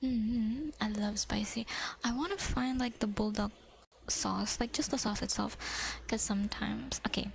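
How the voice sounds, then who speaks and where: A young woman livestreaming ASMR, chatting in whispered livestream chat that slips between soft whispers and a casual speaking voice, with the odd swear. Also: a little high, measured pace, gravelly, a little hiss or hum, rough recording. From Philippines.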